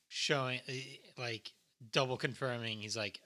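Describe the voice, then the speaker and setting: Male co-host for casual movie talk; bright, rambling delivery, swears freely. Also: mid-range voice, a little fast. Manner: rambling, swears freely, quotes film lines. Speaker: podcast co-host.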